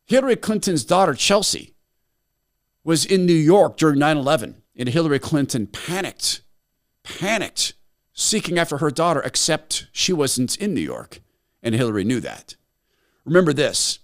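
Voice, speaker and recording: A man's voice: a little high, big pitch swings, moderate pace. A man hosting his own talk show, delivering an opinionated monologue in a sarcastic, emphatic way. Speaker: host.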